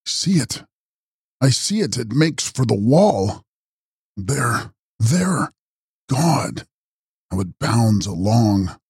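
A bold gentleman in a gothic storybook speaks in a low, husky voice, as a male narrator puts him on. His words come out slow and heavy, and the sound is dry and close. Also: dry recording. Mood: frantic. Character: brave, forceful gentleman pursuing a vampire. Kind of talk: audiobook character voice.

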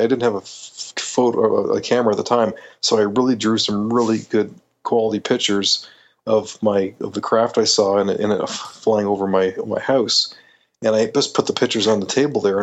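A middle-aged Canadian man, appearing as a podcast guest, tells a story with animation, acting out quoted voices and restarting often. His voice sits on the low side.

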